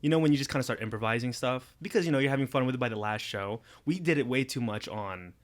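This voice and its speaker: A young man hosting a casual podcast chat, animated and laughing often, swearing freely as he tells stories. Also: mid-range voice, fast. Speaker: podcast host.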